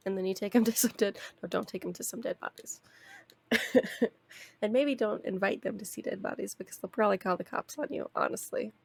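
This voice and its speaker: A woman's voice: medium pitch, a little fast, creaky, slightly rough, no echo. A young woman streaming a video game, chatting casually in a rambling way and laughing often.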